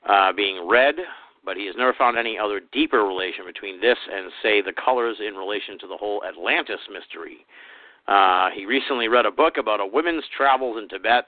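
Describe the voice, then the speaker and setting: A man's voice: fairly low pitch, dry recording. A man hosting a podcast, chatting casually and reading out listener questions with plenty of fillers. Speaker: podcast host. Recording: tinny phone-line sound, dry.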